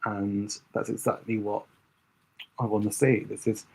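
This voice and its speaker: A man's voice: on the low side, level tone, measured pace, creaky, a little mellow, husky. A young man doing drag makeup on a livestream, chatting casually and thinking aloud to his viewers.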